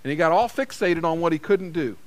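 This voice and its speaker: A man's voice: a little high, animated, brisk. A man preaching a sermon as a pastor, in a conversational way, repeating phrases for emphasis. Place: church.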